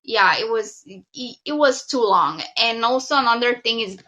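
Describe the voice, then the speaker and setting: A woman co-hosting a podcast with her partner in relaxed casual chat, often pausing on "um". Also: fairly high pitch, muffled recording. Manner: relaxed, with frequent "um" fillers. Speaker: podcast co-host.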